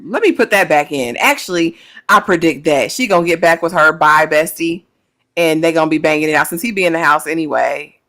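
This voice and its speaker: Low bright-toned opinionated woman. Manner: frank, opinionated, drawn-out fillers. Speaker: podcast co-host. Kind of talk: casual TV recap chat.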